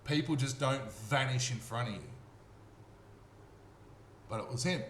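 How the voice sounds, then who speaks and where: A man's voice: medium pitch, unhurried, a bit bright. A man with an Australian accent giving a rambling, earnest personal testimony and often checking in with his listener. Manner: earnest, repetitive, checks in with "okay?". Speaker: storyteller. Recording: roomy echo, faint noise.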